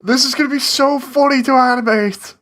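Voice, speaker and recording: A man's voice: extremely high pitch, brisk, a bit bright. A man in casual commentary, chatting about voice takes as an animator and laughing often. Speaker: animator and streamer.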